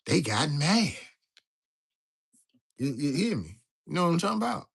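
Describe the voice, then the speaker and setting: A man's voice: on the high side, big pitch swings, moderate pace, gravelly, slightly rough. A man hosting a casual livestream, talking loosely and greeting viewers from the chat. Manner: loose, chatty, talks to viewers directly, reads chat aloud. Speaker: livestream host.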